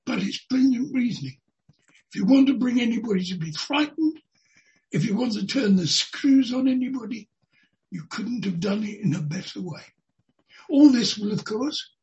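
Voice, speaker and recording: A preacher giving an expository sermon in a deliberate way, repeating key phrases for emphasis. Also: medium pitch, highs cut off. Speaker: Bible teacher.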